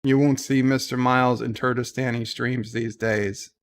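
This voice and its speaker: A man's voice: mid-range voice, steady tone, normal speed. A man hosting a casual livestream, ranting bluntly with swearing and answering his chat. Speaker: livestream host reading chat.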